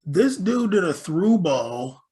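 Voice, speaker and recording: A high-voiced young man tells stories on a casual podcast. He sounds excitable and often repeats a word or two before his sentence gets going. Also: slow pace. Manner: storytelling, excitable, repeats words when starting a sentence. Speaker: podcast co-host. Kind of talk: casual chat.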